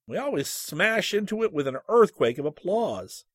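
A man narrating a humorous classic text with expressive, animated storytelling. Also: sits high, moderate pace, no room sound, clean studio sound.

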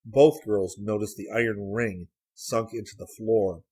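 A man reading a story aloud as an audiobook narrator, in a measured, even storytelling manner. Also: lowish voice, breathy edge. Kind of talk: scripted narration.

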